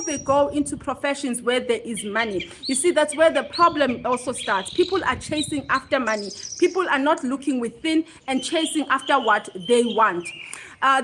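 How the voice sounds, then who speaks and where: A livestream host with a high, slightly bright voice chats casually with viewers, reading their comments aloud and answering as she goes. She laughs easily and pokes fun at herself, with a little hiss or hum in the recording.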